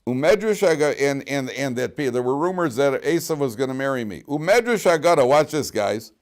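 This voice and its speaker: In a medium-pitched voice at a slightly fast pace, a rabbi teaches his class through stories. He's animated and joking, repeating words frequently, and the session feels lively.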